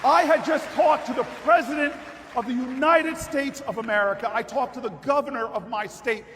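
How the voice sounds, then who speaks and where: A man's voice: very high-pitched, moderate pace, slight background noise. A man giving a political convention speech, telling a dramatic story in a rally style. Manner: vivid storytelling that builds to shouted rallying cries. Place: large convention hall. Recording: long hall reverb, faint crowd ambience.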